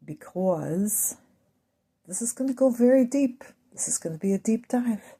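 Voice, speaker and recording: A woman with a Midwestern accent talking in a rambling vlog monologue, speaking slowly and deliberately with wandering asides. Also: on the high side, expressive, mellow, breathy edge. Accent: Midwestern American. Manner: wandering, self-interrupting asides. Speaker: vlogger.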